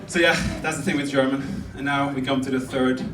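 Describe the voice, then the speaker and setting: A young man does a stand-up set on a club stage, chatty and rambling, laughing at his own jokes. His voice sits at a medium pitch with a steady tone and moves a little fast. The recording is distant and roomy, with crowd noise from the club.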